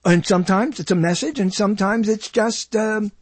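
A man hosts his own show in a loose, wandering monologue, clearing his throat now and then. His voice sits high and husky, and his pitch swings widely. The sound is close and dry. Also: normal speed, darkish tone, no room sound. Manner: digressive, chatty, clears throat often. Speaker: show host. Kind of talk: casual rambling monologue. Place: indoors, cold dry room.

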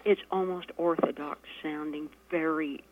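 A woman's voice: sits low, fairly even intonation, unhurried. A woman, a radio guest explaining things hesitantly with many fillers. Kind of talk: phone-in radio interview. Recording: tinny phone line.

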